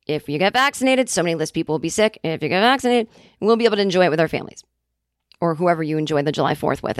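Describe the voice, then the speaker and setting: A woman's voice: lowish voice, fairly bright tone, no room sound, studio quality. A woman hosting a comedy podcast, rambling and self-interrupting through a sarcastic solo monologue. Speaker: podcast host.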